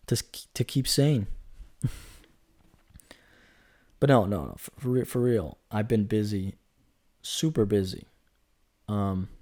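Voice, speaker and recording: A man in his twenties with a fairly low, warm voice hosts a casual solo podcast. He rambles chattily, joking as he goes and correcting himself.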